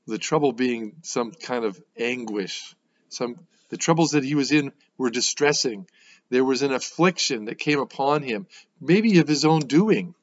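A man's voice: medium pitch, dull audio. A man teaching a casual Bible devotional in a conversational, reflective way, often checking in with a "right?". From United States. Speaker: host giving a Bible devotional.

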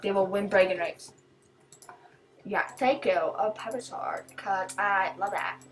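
A teenage girl chatting casually as she opens gifts, excitable, gasping and thanking over and over. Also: medium pitch, measured pace, faint music behind. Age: teens. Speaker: vlogger opening gifts. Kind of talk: casual chat.

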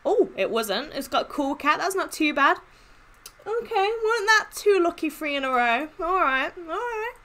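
A woman with a high, bright voice that swings widely in pitch. She gushes excitably through casual gaming commentary as she opens in-game chests. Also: a little slow. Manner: excitable, gushing, squeals with delight. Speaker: gaming YouTuber.

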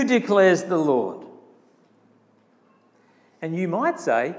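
A man preaches in a lively, animated way and keeps acting out the people he quotes. His voice sits high for a man, and his tone swings widely between loud and quiet. A long church reverb hangs after his words. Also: measured pace, long pauses. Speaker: pastor. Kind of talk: sermon.

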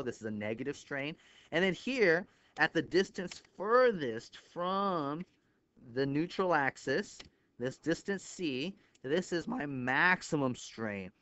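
A man talks through a whiteboard lecture in a clear, smooth voice at a middle pitch, pointing out each item with 'right here' and snapping each step shut with a quick 'bam'. The recording is dry and a little dull and lo-fi. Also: fairly bright tone, no echo. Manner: thinks aloud, punctuates steps with 'bam'. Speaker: engineering instructor.

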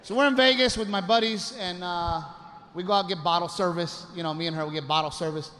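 A man performing a crude, self-mocking stand-up routine on a comedy club stage, telling an animated story. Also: sits high, fast, big-room sound. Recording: live club recording with audible background noise.

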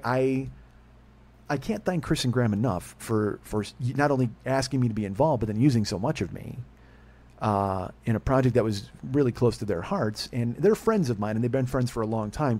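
Fast-talking middle-aged man, rambling and profane. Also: mid-range voice. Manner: rambling, profane, excitable with acted-out dialogue. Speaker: podcast host. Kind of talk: casual monologue storytelling.

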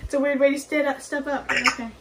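A woman's voice: high-pitched, little pitch movement, fast talker, background noise. A young woman chatting playfully at home, coaxing her pet parrot and giggling. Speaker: pet owner. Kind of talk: casual home video chat.

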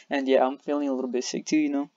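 A man's voice: medium pitch, dull audio. A man giving casual gameplay commentary as a video host, rambling along, laughing at his own slips and filling gaps with "and yeah". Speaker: gaming YouTuber. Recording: game sounds loud behind the voice.

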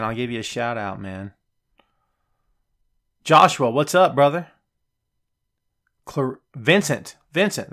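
Bright-voiced male live-stream host. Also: mid-range voice. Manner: reads viewer names and gives shout-outs. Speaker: podcast host. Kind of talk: casual live-stream chat.

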